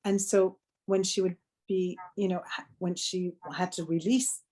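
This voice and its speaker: A woman's voice: fairly low pitch, flat delivery, measured pace, darkish tone. Middle-aged woman telling an earnest healing story. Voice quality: earnest, frequent restarts and self-corrections. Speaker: spiritual healer guest. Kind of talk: conversational storytelling interview.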